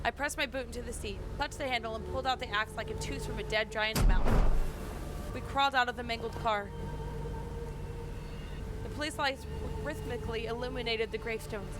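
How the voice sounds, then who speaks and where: A woman streamer reading a game's story aloud dramatically and translating its dialogue, with excited asides. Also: a little high, a little fast, long pauses, very noisy. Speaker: gaming streamer. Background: loud game music.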